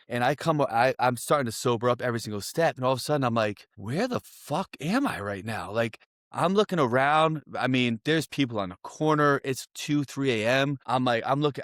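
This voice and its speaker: A young man from Connecticut telling a wild story on a podcast, animated and profane, full of "I'm like" and "right?". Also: medium pitch, no echo, clean studio sound. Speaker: podcast guest. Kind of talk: casual storytelling.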